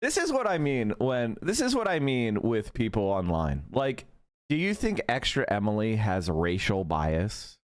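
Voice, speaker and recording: A man's voice: lowish voice, huge pitch swings, measured pace, no room sound, clean studio sound. A man in his thirties ranting profanely and mockingly during a live stream commentary.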